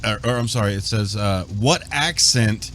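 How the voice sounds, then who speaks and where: A man's voice: on the low side, moderate pace, fairly bright tone. A man, the show's engineer, reading viewer questions from chat in a plain, hesitant way with corrections. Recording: faint background noise.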